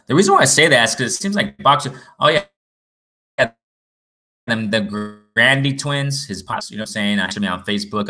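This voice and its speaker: Rambling man with a bright voice. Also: fairly low pitch. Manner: rambling, repeats "you know what I'm saying". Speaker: boxing vlogger. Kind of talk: casual chat.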